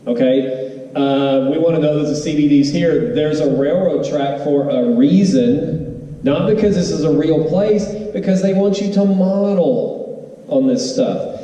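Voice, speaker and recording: A man teaching an exam review to a room of students, animated, with sing-song emphasis and questions thrown to the audience. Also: fairly high pitch, unhurried. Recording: roomy hall, voice from far off.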